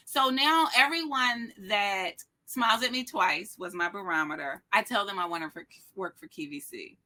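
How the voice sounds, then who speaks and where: A woman's voice: medium pitch, normal speed, hardly any pauses, sharp tone. A middle-aged woman speaking as a motivational speaker, telling a personal story with energy and expression, acting out the dialogue.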